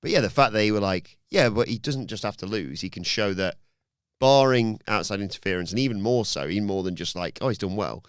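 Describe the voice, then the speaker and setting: A podcast host with a lowish voice talks briskly in clean, echo-free studio sound. Recapping a wrestling show in casual chat, he tells it as an animated story, acting out the wrestlers' lines.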